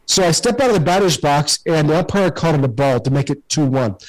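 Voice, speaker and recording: On a rough recording, a fortyish ex-ballplayer rattles off locker-room stories fast and animatedly in a voice on the high side. He rambles casually, leans on fillers and swears freely.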